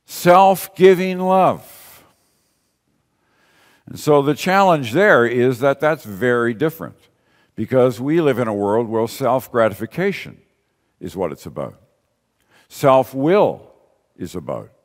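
A man's voice: mid-range voice, big pitch swings, slow, pauses often. A man preaching a sermon in a conversational way, repeating key phrases and asking rhetorical questions. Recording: long reverb of a large hall.

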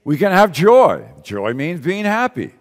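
A man's voice: high voice, big pitch swings, unhurried. A man preaching a sermon in a conversational way, repeating key phrases and asking rhetorical questions. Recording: long reverb of a large hall.

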